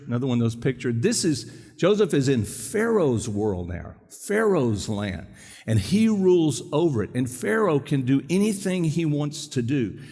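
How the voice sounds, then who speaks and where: Man preaching a quick, chatty sermon. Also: medium pitch, in a large hall. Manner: conversational and quick, asks the congregation questions. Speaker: pastor. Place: church sanctuary.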